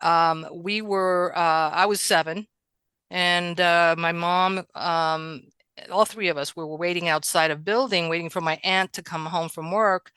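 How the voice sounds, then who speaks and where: A woman from New York, a guest in a casual conversation, telling animated stories from her childhood, acting out quotes and laughing often. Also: on the low side, measured pace, clean tone, no echo.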